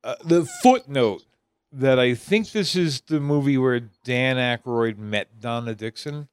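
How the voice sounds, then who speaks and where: A man's voice: medium pitch, unhurried, clear, resonant tone, no echo, studio quality. A man co-hosting a podcast, chiming in with short reactions and asides. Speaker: podcast co-host. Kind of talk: casual chat.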